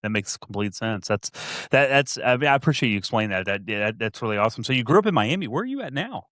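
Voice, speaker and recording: A man's voice: mid-range voice, big pitch swings, fast, fairly bright tone, dry recording, clean studio sound. A man hosting a casual interview over a video call, enthusiastic and affirming. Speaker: podcast host.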